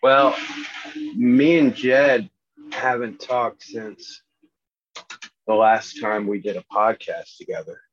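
Man, slight lisp, halting speech, slow, casual podcast chat, muffled lo-fi recording. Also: medium pitch, fairly even intonation. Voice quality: slight lisp from missing teeth. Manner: halting, with many fillers. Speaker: returning podcast guest. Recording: dry, dull lo-fi sound.

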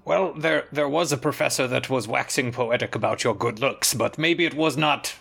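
A man player in a tabletop game talks in character. His voice is gravelly and husky, and he reasons things through at an even pace. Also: mid-range voice, normal speed.

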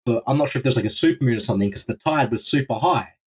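A husky-voiced young man spins a rambling adventure tale on a podcast. He talks in an animated, casual way, swears freely and often breaks into laughter. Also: mid-range voice, rapid-fire. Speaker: podcast guest, urban explorer. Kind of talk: casual storytelling.

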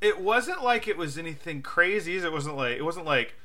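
A young man in casual podcast chat, telling a story with a very bright, forceful tone and a lively voice that swoops up and down. He laughs often and jumps into a loud, high pitch to act out what people said. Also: normal speed. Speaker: podcast co-host.

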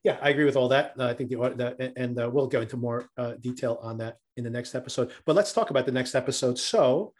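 A man's voice: mid-range voice, fast talker, few pauses, darkish tone. A man from New Jersey co-hosting a podcast in casual chat, talking loosely with many fillers and frequent laughs. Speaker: podcast co-host.

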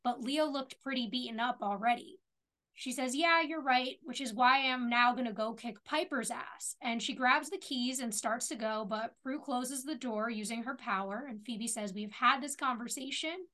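A woman's voice: fairly high pitch, moderate pace, sharp tone. A young woman co-hosting a podcast, retelling a TV episode scene by scene and reading out the dialogue in a casual chat. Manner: retells scenes at length, reading out dialogue with many "she says". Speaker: podcast co-host.

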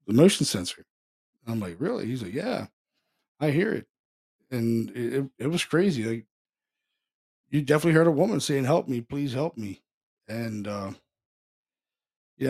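A man's voice: medium pitch, creaky, a little mellow. A man co-hosting a podcast, retelling a ghost hunt in a rambling way full of fillers. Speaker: co-host. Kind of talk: casual podcast storytelling.

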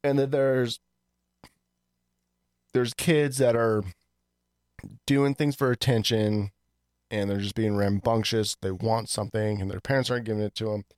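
A man's voice: lowish voice, fairly even intonation, unhurried, pauses often, a little mellow, no room sound, clean studio sound. A man co-hosting a podcast in loose, rambling casual chat, swearing freely. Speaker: podcast co-host.

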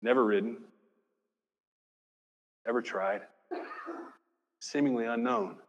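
A male pastor preaching a sermon. He swings from loud emphasis down to near-whispers and acts out imagined dialogue with rhetorical questions. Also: medium pitch, fairly even intonation, takes it slowly, muffled recording. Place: church sanctuary. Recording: long reverb of a church hall.

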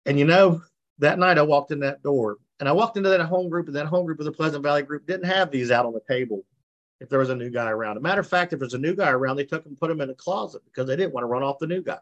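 A man's voice: on the high side, fast talker, lo-fi sound. A man from West Virginia shares his recovery story over a video call. He talks in a folksy, plainspoken way and slips into the voices of the people he quotes. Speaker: recovery meeting speaker. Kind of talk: personal testimony.

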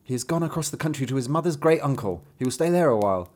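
A man's voice: mid-range voice, expressive, rapid-fire, a little mellow, close to an everyday voice. Man voicing a coolly scheming storybook mother. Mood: soothing. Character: cold, scheming fairy-tale mother.

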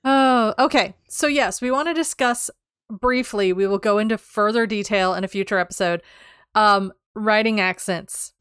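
Woman, podcast co-host, casual chat, smooth clear voice, dry close sound. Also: mid-range voice, moderate pace, a bit bright, no echo. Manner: chatty, laughs often, reads text aloud. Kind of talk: casual chat about writing.

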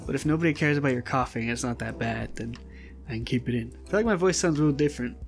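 A woman's voice: very deep voice, fast talker, creaky, faint music behind. A woman co-hosting a podcast in casual chat, joking and swearing often, laughing between lines. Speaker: podcast co-host.

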